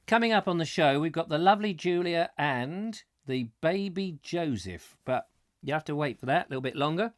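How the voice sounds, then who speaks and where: Lively, chatty male host. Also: on the high side, moderate pace. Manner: chatty, theatrical, rambling asides. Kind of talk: live chat show, reading viewer comments.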